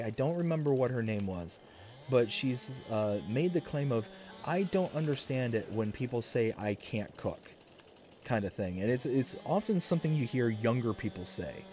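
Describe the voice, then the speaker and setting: Guy rambling on his stream, warm mellow voice, lots of uhs and likes, bit of hiss. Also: medium pitch. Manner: rambling, many fillers and restarts. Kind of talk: casual live-stream chat.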